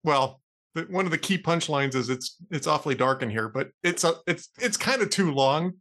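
A man hosting a talk show tells jokes in a casual, chatty way. His voice is fairly high for a man and swings widely in pitch as he acts out the characters' lines. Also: moderate pace. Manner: lively storyteller who acts out the characters' lines. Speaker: radio talk show host. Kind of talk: casual chat, telling jokes.

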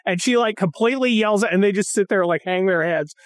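A woman in casual, profane chat, animated and mocking. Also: medium pitch, fast, no echo.

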